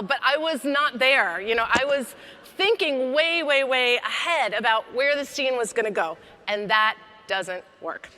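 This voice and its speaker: A woman with a bright, fairly high voice gives a comedic keynote, chatty and playful, teasing the crowd as she goes. Her talk rings out with a long hall reverb. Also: measured pace. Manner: lively, conversational, joking with the audience. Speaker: keynote speaker. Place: large conference hall.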